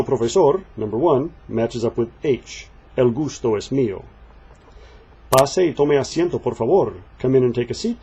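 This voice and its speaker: A man walking through a Spanish textbook page, patiently explaining and reading the example phrases slowly. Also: lowish voice, gravelly, warm tone, husky, dull audio. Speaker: Spanish teacher. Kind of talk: textbook walkthrough lesson.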